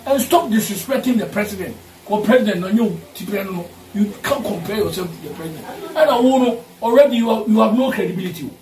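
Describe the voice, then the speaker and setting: A man with a Ghanaian accent giving a heated political rant, forceful and repeating his lines for emphasis while mixing English and Twi. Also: high voice, lively intonation, quick pace, few pauses. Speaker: party supporter. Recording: echoey room, distant mic, faint ambience.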